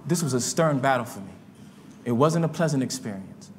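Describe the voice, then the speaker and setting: A man preaching a sermon in a church, his delivery swinging between quiet murmurs and loud shouts. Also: mid-range voice, animated, a little fast, in a large hall, slight background noise. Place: church sanctuary.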